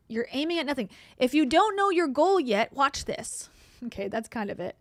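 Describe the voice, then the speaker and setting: Streaming live, a woman reacts to a podcast clip with sarcastic, exasperated asides and frequent chuckles. Her voice sits a little high and is expressive, moving at normal speed with no room sound, in casual livestream commentary.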